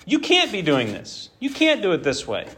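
A man's voice: high-pitched, wildly swooping pitch, moderate pace, fairly bright tone, voice pushed up, exaggerated voice. A man voicing an indignant male prophet who protests and pleads with God.

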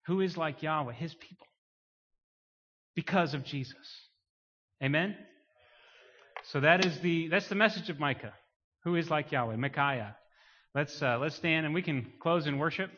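A man's voice: a little high, moderate pace, pauses often. Man preaching in a reverberant hall. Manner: dynamic, swings between quiet emphasis and loud rising declarations. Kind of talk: sermon. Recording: muffled sound with long hall reverb.

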